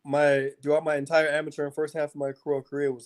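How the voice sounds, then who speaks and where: A man's voice: fairly high pitch, fast. A man with a slightly raised voice, a mixed martial arts fighter recounting his bouts. He talks casually and animatedly, swears freely, and scatters "like" through his sentences. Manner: animated, profane, lots of filler likes. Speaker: MMA fighter guest. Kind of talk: casual interview storytelling.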